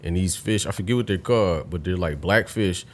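A young man in casual podcast chat, telling stories full of swearing and breaking into loud laughter. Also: low voice, fairly quick, a little hiss or hum. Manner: profane storytelling, bursts into loud laughter.

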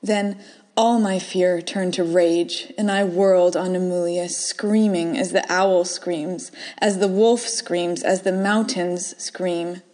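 A woman reading her own first-person short story aloud, soft and measured, dropping to whispers in quiet moments. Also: on the low side, steady tone.

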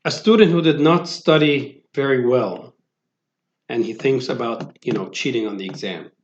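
A man's voice: mid-range voice, normal speed, slight background noise. A man giving a sermon, talking in a conversational way with many fillers and restarts. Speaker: preacher. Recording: roomy, dull lo-fi sound.

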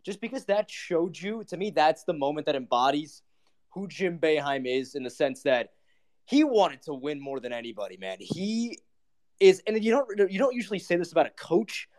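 Earnest male participant, fairly high voice, emphatic. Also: sing-song, moderate pace, a little mellow. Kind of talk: casual chat.

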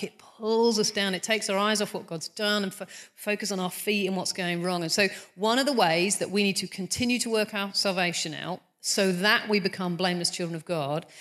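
A woman's voice: medium pitch, fairly bright tone. A middle-aged woman preaching a sermon in an earnest, conversational way, often restarting her sentences and poking fun at herself. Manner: conversational, earnest, self-deprecating, frequent restarts.

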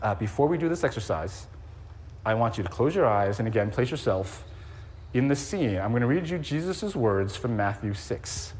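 Pastor preaching in a reverberant church. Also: male voice, mid-range voice, animated, moderate pace, slight background noise. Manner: conversational, gently humorous preaching with fillers. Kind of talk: sermon. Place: church sanctuary. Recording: long reverb in a church hall.

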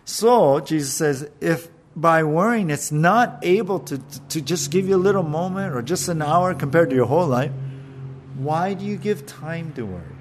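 Chatty man preaching with a higher voice. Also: animated, a little hiss or hum. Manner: conversational, laughs often, asks the listeners questions; slows down to stress scripture. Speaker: pastor. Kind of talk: sermon.

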